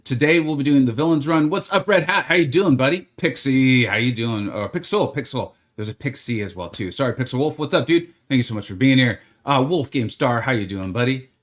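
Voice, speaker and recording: A man's voice: mid-range voice, brisk, hardly any pauses. A man streaming a game live, chatting casually and greeting viewers by name in a rambling, friendly way. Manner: rambling, with many fillers.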